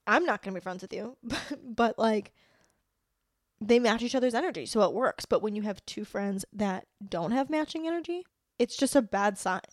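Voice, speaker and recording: A woman's voice: fairly high pitch, lively intonation, moderate pace, no room sound, studio quality. A young adult woman hosting a casual solo podcast, talking bluntly with heavy profanity and lots of filler words. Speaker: podcast host.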